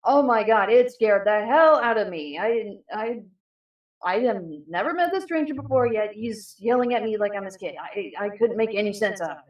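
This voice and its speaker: A young woman telling a personal story casually, halting with many fillers and restarts. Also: medium pitch, expressive. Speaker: panel guest. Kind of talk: casual storytelling on a live stream. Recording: echoey distant mic.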